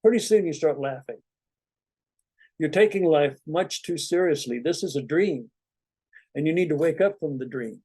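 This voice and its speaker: A man giving a relaxed, rambling spiritual talk to his students as a meditation teacher, speaking conversationally with many asides. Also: on the high side, moderate pace, long pauses, slightly rough, no echo.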